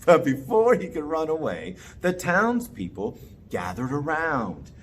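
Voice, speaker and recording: Playful, wildly animated male storyteller. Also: fairly high pitch, measured pace, gravelly, a little hiss or hum. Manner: playful and animated, inviting kids to join in. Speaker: children's storyteller. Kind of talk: interactive children's story time.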